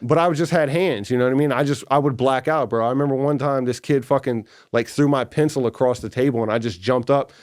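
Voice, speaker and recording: A man's voice: mid-range voice, fast, few pauses, a little mellow. A man speaking as a podcast guest, telling his story in a casual, profane, slangy way. He drops "bro" and "dude" all the time and acts out what other people said.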